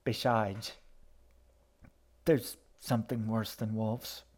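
A calm, protective older brother from a storybook, speaking mildly and evenly in the narrator's own male voice. He stays level and reassuring. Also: lowish voice, slow pace, breathy edge. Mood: firm. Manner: mild and level. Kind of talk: audiobook character voice.

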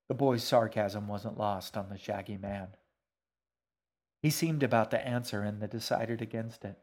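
A man reading a story aloud as narrator, in an even, unhurried manner. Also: fairly low pitch. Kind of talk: audiobook narration.

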